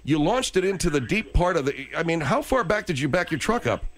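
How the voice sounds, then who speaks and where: Man as a pushy host, high lively voice, teasing. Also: a little fast. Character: man, brash talk show host.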